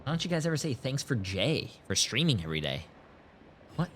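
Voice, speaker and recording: A man streaming a game in casual chat, animated and given to mock-dramatic rants. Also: mid-range voice, fairly quick. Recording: noisy stream audio.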